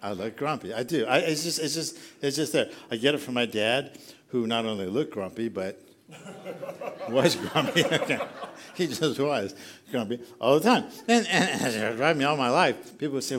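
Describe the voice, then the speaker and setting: A man's voice: mid-range voice, animated, normal speed, fairly bright tone. A middle-aged man preaching a sermon as pastor, conversational and self-deprecating, often putting questions to the congregation.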